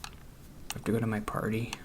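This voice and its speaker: A man with a lowish voice narrates his gameplay in loose, casual commentary. He rambles, second-guesses himself and laughs softly at his own remarks. A faint background hiss sits under the voice. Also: monotone, moderate pace. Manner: rambling, self-deprecating, soft laughs. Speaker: let's play host. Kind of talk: casual commentary while gaming.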